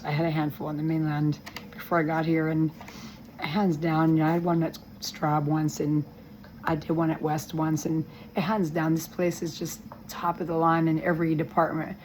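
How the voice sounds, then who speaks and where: A woman recording a personal update from a hospital room, talking in an earnest, rambling and halting way with a weak, strained voice that breaks with emotion. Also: deep voice, a little mellow, slight background noise, poor audio. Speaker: vlogger giving a health update.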